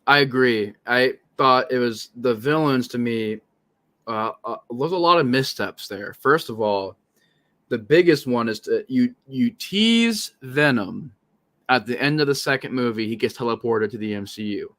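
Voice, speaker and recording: A man hosting a podcast in casual movie talk, animated and profane, often acting out lines he quotes. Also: mid-range voice, a little slow. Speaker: podcast host.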